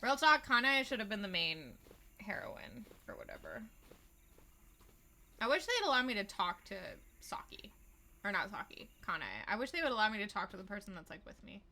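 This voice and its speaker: A woman's voice: medium pitch, sing-song, moderate pace, bright, forceful tone. A young adult woman livestreaming a horror game, giving casual, chatty gameplay commentary full of crude, self-mocking asides.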